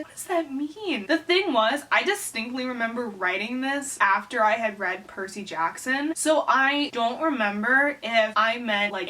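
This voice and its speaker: Bright, wry young woman reading aloud. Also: fairly high pitch. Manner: wry, sarcastic. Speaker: YouTuber. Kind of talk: reading old writing aloud with commentary.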